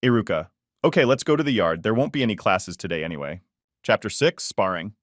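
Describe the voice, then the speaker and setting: A man reads a fan story aloud in a flat, even narration. His voice sits low and the sound is dry, with no room around it. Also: fairly quick, no echo.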